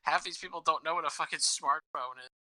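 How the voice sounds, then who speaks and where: A man's voice: fairly high pitch, fast talker, pushed and bright, no echo, low-quality recording. A man co-hosting a podcast, telling stories in casual chat, swearing freely and laughing often. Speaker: podcast host.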